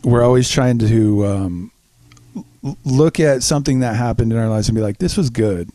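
A man's voice: medium pitch, normal speed, dark tone, no room sound. A man co-hosting a podcast, talking casually in a reflective, easygoing way. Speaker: podcast co-host. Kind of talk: casual chat.

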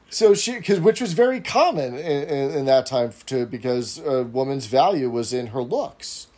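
A man's voice: medium pitch, animated, a little slow, darkish tone. Man recapping a show, asking "right?". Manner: recaps with asides, rhetorical "right?". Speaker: podcast host recapping a TV episode. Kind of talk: casual chat.

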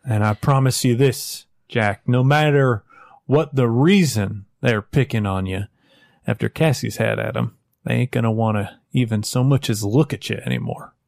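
A man voicing West, a loyal young frontiersman talking folksy and rough to his friend. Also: mid-range voice, moderate pace, a little mellow, no room sound, studio quality, close to an everyday voice. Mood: fierce loyal. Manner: folksy frontier talk, pleading then cursing.

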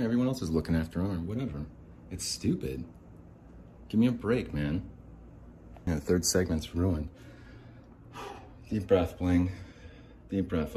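Deep-voiced man ranting, swearing. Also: mellow, a little hiss or hum. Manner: profane, exasperated, swings between muttering and outbursts. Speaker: podcast host. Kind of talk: angry ranting monologue. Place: home near a window.

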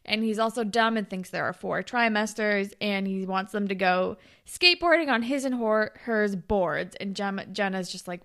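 Animated woman recapping a show. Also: mid-range voice, moderate pace, hardly any pauses. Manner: animated, laughs often, acts out characters' lines. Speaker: podcast co-host. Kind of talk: casual chat recapping a TV episode.

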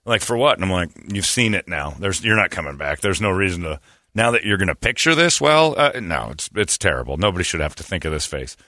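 A man's voice: deep voice, big pitch swings, quick pace, sharp tone, no echo, clean studio sound. A man hosting a radio show, telling self-deprecating stories and acting out the people he quotes. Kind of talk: casual storytelling on morning radio.

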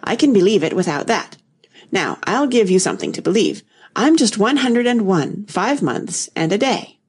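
A woman voicing a flustered, scatterbrained old queen who frets and wrings her hands, her voice rising toward a squeak. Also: very animated, normal speed, breathy edge. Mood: fretful. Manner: fussy, fretful, rising to a squeak.

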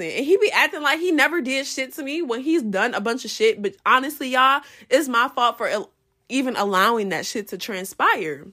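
A young woman tells a personal story on her podcast in a loose, casual flow. Her voice sits a little high, and her delivery is animated and profane. Now and then she jumps into loud re-enacted quotes. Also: normal speed. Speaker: podcast host.

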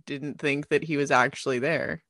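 A woman's voice: sits low, fairly even intonation, moderate pace, fairly bright tone, no room sound. Woman cohost chatting about books, giggly, dry mic. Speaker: podcast co-host. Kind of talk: casual book-club chat.

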